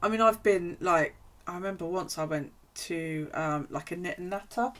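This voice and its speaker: Woman streamer, low-pitched, rambling chatter, salty language. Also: moderate pace, a bit bright. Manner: chatty, rambling storyteller who swears freely. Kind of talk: casual chat while journaling on stream.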